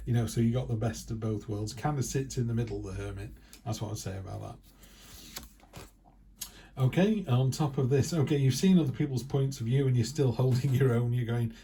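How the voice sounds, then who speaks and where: Chatty guy doing a tarot reading, really mellow low-toned voice, faint hum behind. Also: a little fast. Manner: chatty, acts out quoted remarks in other voices. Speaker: tarot reader. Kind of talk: casual spoken tarot reading.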